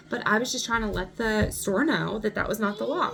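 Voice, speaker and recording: A woman vlogger telling a personal story in an animated, indignant way. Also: fairly high pitch, a little fast, vocal fry, hardly any pauses, a little hiss or hum. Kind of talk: storytime vlog.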